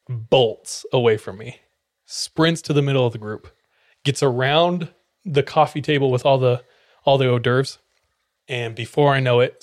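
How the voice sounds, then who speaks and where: A young man hosts a podcast and tells a personal story in loose, casual chat. His voice sits at an ordinary middle pitch. He laughs through his own lines and swears freely. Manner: laughs often while telling. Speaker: podcast host.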